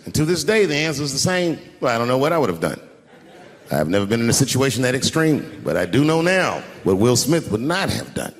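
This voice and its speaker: A male stand-up comedian telling profane stories with animated delivery, often breaking into shouts. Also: mid-range voice, brisk. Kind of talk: stand-up set. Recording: large venue with long reverb, faint noise.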